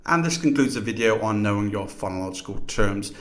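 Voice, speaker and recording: A man's voice: on the low side, animated, fairly quick. A man teaching a lesson in scripted narration, explaining terms and demonstrating pronunciations aloud.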